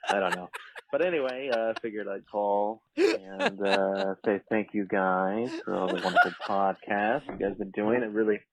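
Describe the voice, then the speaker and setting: A man's voice: fairly low pitch, lively intonation, normal speed, gravelly, rough recording. Chuckling sheepish male caller. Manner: friendly, chuckling, a bit sheepish. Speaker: voicemail caller. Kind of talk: casual chat.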